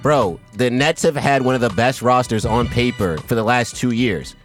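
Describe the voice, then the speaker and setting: A man's voice: medium pitch, moderate pace, faint music behind. A man hosting a sports podcast, ranting emphatically and with profanity, often stopping to ask "right?". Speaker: podcast host. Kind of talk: heated sports podcast rant.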